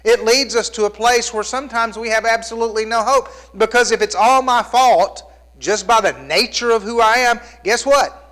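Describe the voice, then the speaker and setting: High-voiced man preaching a sermon. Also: moderate pace. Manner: storytelling, shifts between hushed and emphatic delivery. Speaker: pastor.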